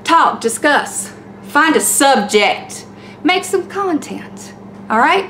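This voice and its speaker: A woman's voice: high voice, very animated, slow pace, bright, forceful tone, a little hiss or hum. A middle-aged woman with a Southern accent, ranting blunt commentary in a home vlog, preachy and fired up, with some cursing. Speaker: YouTube commentator. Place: home, by the laundry.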